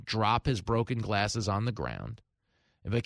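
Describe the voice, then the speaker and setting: A man, hosting a talk radio show with animated, sarcastic commentary. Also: fairly low pitch, measured pace, gravelly, no room sound, clean studio sound. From New York.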